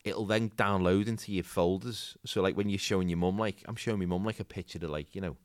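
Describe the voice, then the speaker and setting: A man hosting casual comedic chat, joking and animated. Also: low-pitched, fast talker, clean tone, no echo, clean studio sound.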